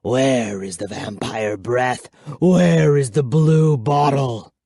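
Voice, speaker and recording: Man doing a hoarse old vampire count. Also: mid-range voice, warm tone, dry recording, clean studio sound. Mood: desperate menace. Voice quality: hoarse, rasping. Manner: slow, pleading, menacing.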